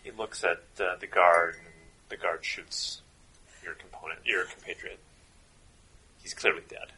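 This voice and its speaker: A man narrating a tabletop role-playing game as game master, relaxed and chuckling, thinking aloud with fillers. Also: sits low, unhurried, slight background noise, poor audio.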